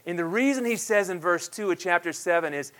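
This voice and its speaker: A man in his thirties delivers a sermon in a noticeably high voice. He builds to loud, ringing declarations, then drops to quiet, hushed asides. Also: expressive, fairly quick. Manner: emphatic preaching that swings between loud declarations and hushed asides. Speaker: pastor.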